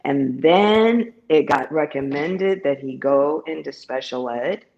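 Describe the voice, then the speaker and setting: A woman's voice: low-pitched, slow pace, a little mellow, highs cut off. A middle-aged woman in a casual panel chat, speaking thoughtfully with some hesitation. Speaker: co-host and moderator.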